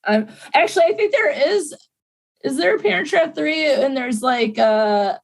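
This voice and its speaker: A woman's voice: high-pitched, expressive, normal speed, gravelly, poor audio. A woman co-hosting a podcast in casual chat, playful and argumentative, laughing often. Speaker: podcast co-host.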